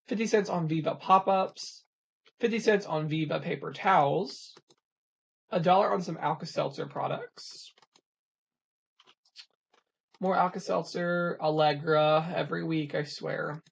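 Couponing vlogger with a gravelly, husky voice, running down a deal list item by item; dull lo-fi home recording. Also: medium pitch. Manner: reads items off in a quick plain list. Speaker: couponing channel host. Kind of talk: casual coupon rundown.

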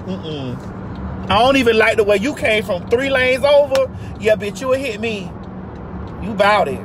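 Woman vlogger, high bright voice, brash profane car rant, loud road noise. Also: moderate pace. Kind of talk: casual driving vlog rant. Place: inside a car in city traffic.

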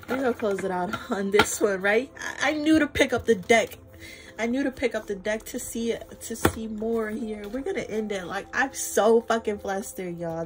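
An excitable woman reads tarot cards for her followers in an easy, chatty flow, often swearing and saying y'all. She sits at a middle pitch, and clear music plays under her voice throughout. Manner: effusive, swears freely, addresses viewers as y'all. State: flustered and emotional. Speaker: tarot reader. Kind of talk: casual tarot reading vlog.

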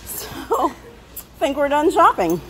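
A woman's voice: very animated, unhurried, over music. A woman vlogging a trip to a pet store, talking cheerfully to her dogs and her viewers. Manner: cheerful, fond, talks to her dogs in a high voice. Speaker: vlogger, dog owner. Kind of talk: casual pet vlog narration.

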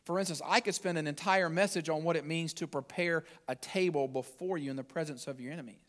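A man preaching a sermon as pastor, quoting scripture and swinging from soft, low passages to loud, emphatic ones. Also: fast. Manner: scripture quoted aloud and picked apart.

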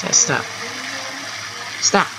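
A gameplay host giving casual, excitable running commentary from home while chatting with a teammate. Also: extremely slow, background noise. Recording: game music clearly heard underneath. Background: music from the game.

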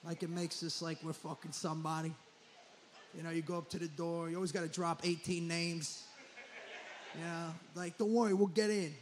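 Stand-up comic, high voice, profane riffing, faint room noise. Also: male voice, completely flat delivery. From New Jersey. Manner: profane, rambling, rapid riffing. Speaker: stand-up comedian. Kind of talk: stand-up comedy set.

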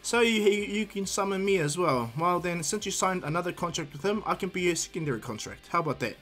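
A man voicing a calm, measured monkey king spirit who calls the boy young man. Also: sits high, faint music behind, pitched above the performer's own voice.

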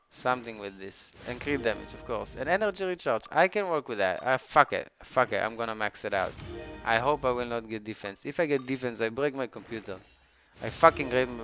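A man streaming a game live, pleading with the game for better loot and swearing, with sudden shouted outbursts of frustration. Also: mid-range voice. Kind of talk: live gaming commentary.

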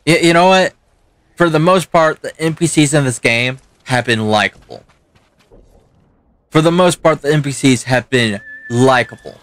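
With a mid-range, fairly bright voice at normal speed, a young man gives profane let's play commentary on his gameplay. He rants and talks back to the game on his channel, recorded dry.

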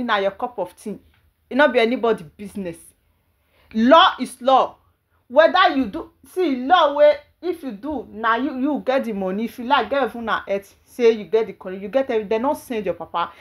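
A woman's voice: mid-range voice, fairly bright tone. A woman with a Nigerian Pidgin accent hosts a commentary vlog, chatty and opinionated, with frequent hesitant fillers. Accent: Nigerian Pidgin English. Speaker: vlog host.

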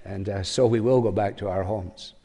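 A man's voice: on the low side, steady tone, normal speed, gravelly, mellow. An older man preaching a sermon to a congregation, talking conversationally and slipping in wry, humorous asides. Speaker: pastor. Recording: long hall reverb.

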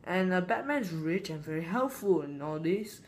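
Rambling male vlogger, halting delivery. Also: high-pitched, expressive, slight background noise. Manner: rambling, halting, many fillers and restarts. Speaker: channel host. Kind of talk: casual would-you-rather vlog chat.

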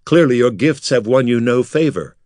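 A man's voice: medium pitch, animated, normal speed, darkish tone, no echo, clean studio sound, close to an everyday voice. A man voicing a sly, mocking male rival priest who croons smugly. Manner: crooning, smug.

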